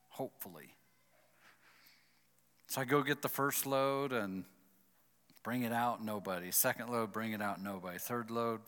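A man telling a personal story with a moral, acting out his own thoughts as he goes. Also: mid-range voice. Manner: animated, acts out his own inner thoughts. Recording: long hall reverb.

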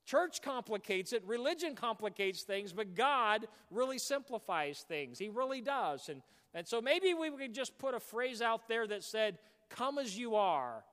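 A man delivering a sermon from the pulpit, his voice sitting high for a man. He preaches with animation and now and then breaks into a shout. The sound carries a long reverb from the church sanctuary. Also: big pitch swings, measured pace, hardly any pauses. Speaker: pastor.

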